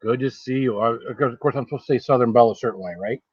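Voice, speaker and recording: A man talking casually on a live stream, rambling from one thought to the next and greeting viewers by name. His voice sits at an ordinary pitch and sounds close and dry. The sound is a little dull and lo-fi. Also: very fast, darkish tone, husky, dry recording. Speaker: food challenge livestreamer. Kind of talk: casual live-stream chat while eating.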